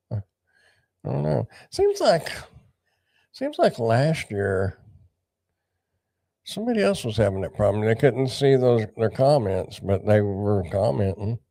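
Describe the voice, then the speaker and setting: A man's voice: medium pitch, animated, a little slow, gravelly, mellow, no echo, studio quality. An older man hosting a casual livestream, rambling and greeting viewers by name. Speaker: livestream host.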